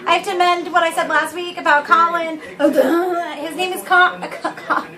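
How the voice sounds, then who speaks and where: A woman's voice: very high-pitched, steady tone, normal speed, sharp tone, recorded from a distance. A young woman co-hosting a vlog in playful, teasing casual chat, now and then breaking into a short sung line. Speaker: vlog co-host.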